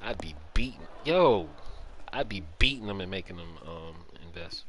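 Young male game streamer, lively swooping delivery, easygoing slangy banter with his chat, headset mic, faint hiss behind. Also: deep voice, moderate pace. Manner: loose slangy banter, greets chat, laughs often. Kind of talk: casual stream chat while playing. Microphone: gaming headset.

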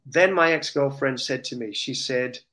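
Speaking at a moderate pace in a mid-range voice, a man from Australia shares his personal testimony as an interview guest. The retelling is animated, earnest, and full of emotion.

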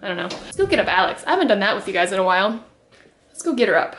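A woman's voice: medium pitch, sing-song, racing, fairly bright tone, slight background noise. A young woman chatting to her camera as she walks around her house, rambling and laughing often. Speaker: vlogger. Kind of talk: casual chat to camera. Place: at home, walking around the house.

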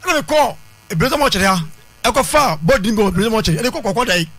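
Defensive high-pitched man. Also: animated, a little fast, a bit bright, no room sound. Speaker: disputant. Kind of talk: heated dispute on a talk show.

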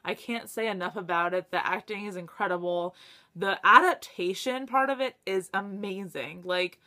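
Young woman, book vlogger, casual chat to camera, bright voice, excitable, quick to laugh. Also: medium pitch. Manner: excitable, laughing, swears when stuck.

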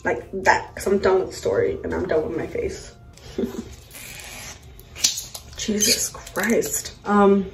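A woman's voice: on the low side, steady tone, moderate pace, vocal fry. A young woman, a mother, telling a story in a casual vlog while doing her makeup, blunt, profane and exasperated. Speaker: vlogger, mother. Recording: echoey room.

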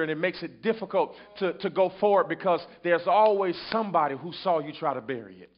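A man preaching a sermon in a call-and-response style, swinging between loud appeals and hushed asides. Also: on the high side. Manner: call-and-response preaching, rising and falling intensity. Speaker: pastor. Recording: dull lo-fi sermon recording.

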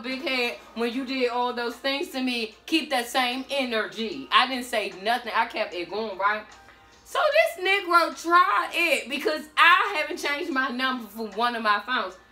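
A woman's voice: high-pitched, normal speed, echoey room, soft background music. A woman giving a blunt, sassy tarot reading in a casual monologue. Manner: sassy, blunt, animated storytelling. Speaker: tarot reader.

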